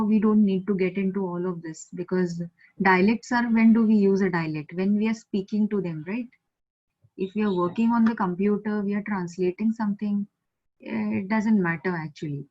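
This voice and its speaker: Indian woman teaching Japanese slowly. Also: mid-range voice. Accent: Indian English. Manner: patient, repeats words slowly for learners. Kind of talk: online language lesson. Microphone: video call. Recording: slightly muffled video call audio.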